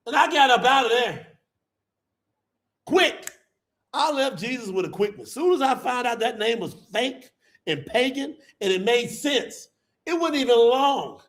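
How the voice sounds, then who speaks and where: A man preaching with fire to a live audience, emphatic and colloquial, calling out to the crowd as y'all and bursting into shouts. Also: very high voice, animated, measured pace. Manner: colloquial, addresses listeners as y'all. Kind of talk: fiery sermon to a live audience.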